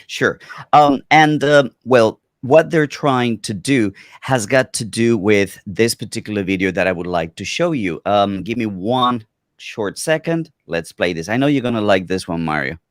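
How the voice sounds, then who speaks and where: A man co-hosting a talk show, relaxed and hesitant, asking his partner questions. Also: lowish voice, normal speed, dry recording, clean studio sound. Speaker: co-host. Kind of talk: casual talk show chat.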